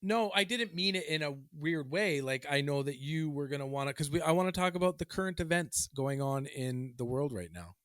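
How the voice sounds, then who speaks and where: A man's voice: on the high side, animated, a little fast, hardly any pauses, a bit bright, dry recording, studio quality. A man from Canada co-hosting a podcast, chatting casually with sardonic, swear-heavy rants. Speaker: podcast co-host. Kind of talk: casual chat.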